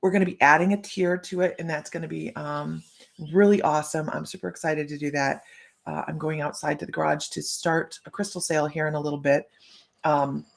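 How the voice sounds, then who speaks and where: A woman's voice: low-pitched, gravelly. A woman hosting a psychic live stream, telling stories in a bubbly, rambling way and laughing often. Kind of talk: casual live-stream chat.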